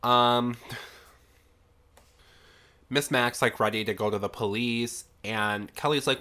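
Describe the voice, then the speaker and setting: A man's voice: mid-range voice, steady tone, slow, long pauses, pushed and bright, clear, resonant tone. A young man hosting a podcast, casually recapping a horror film in a chatty, sarcastic way, congested from a sinus infection. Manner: chatty, sarcastic, heavy use of "like". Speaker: podcast host.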